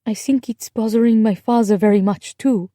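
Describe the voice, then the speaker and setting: A woman's voice: fairly high pitch, steady tone, no echo, clean studio sound, close to an everyday voice. Woman voicing a tearful teenage girl. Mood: hesitant. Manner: soft, tearful, halting. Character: frightened teenage Jewish girl, earnest and sensitive.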